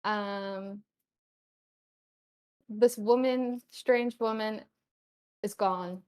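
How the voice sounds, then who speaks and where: A woman's voice: medium pitch, steady tone, very slow, darkish tone, clean tone. A woman narrating as game master in a tabletop game, hesitant and giggly, with lots of fillers.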